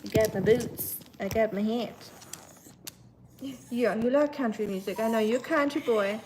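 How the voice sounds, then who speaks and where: A woman's voice: a little high, normal speed, darkish tone, slight background noise, low-quality recording. A young adult woman with a Southern American accent and a nasal voice, chatting casually on a livestream from home. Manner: chatty, talks to her dog in a sing-song baby voice. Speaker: livestream host. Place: home kitchen.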